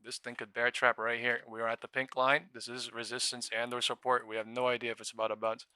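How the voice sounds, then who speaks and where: Bright, crisp, excitable male trading streamer. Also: medium pitch, quick pace, no echo, studio quality. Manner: swears a lot, bursts into shouting and laughter. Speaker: day-trading livestream host. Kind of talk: excited live trading commentary. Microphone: new studio mic.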